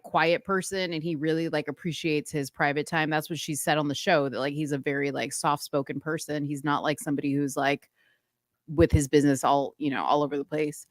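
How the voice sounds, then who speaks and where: A woman co-hosting a casual chat, animated and gossipy as she tells stories and laughs often. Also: deep voice, no echo, studio quality. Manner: gossipy storytelling. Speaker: podcast co-host.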